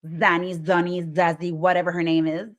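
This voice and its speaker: A woman hosting a casual live stream, chatting excitably and reading viewer comments aloud. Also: lowish voice, normal speed. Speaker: host. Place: Montreal.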